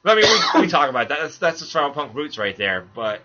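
A man's voice: on the high side, fast, highs cut off, heavy background noise. A man hosting a podcast in casual chat, rambling and restarting as he tells stories. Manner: rambling, stumbling restarts, animated storytelling. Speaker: podcast host.

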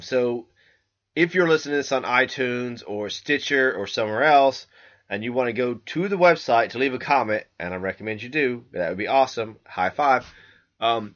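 A podcast host with a sharp, mid-range voice rambles through a loose, profane monologue, full of fillers and restarted sentences. It's recorded on a laptop microphone, giving a dull lo-fi sound.

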